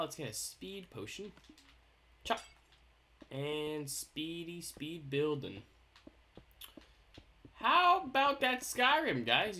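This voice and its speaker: A man's voice: a little high, bright, forceful tone. A young man hosting a casual let's-play commentary, chatting in a goofy, playful, jokey way as he builds. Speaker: gaming YouTuber host.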